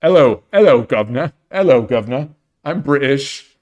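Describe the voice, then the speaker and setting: A man's voice: mid-range voice, animated, normal speed, a little mellow, muffled recording, lightly acted. A man putting on a jokey mock-British cockney bloke with an exaggerated, sing-song delivery. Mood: mock cheery.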